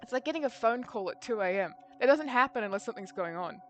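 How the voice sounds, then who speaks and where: A woman streamer chatting casually and making quick asides while reading a story game aloud. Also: a little high, expressive, slight background noise.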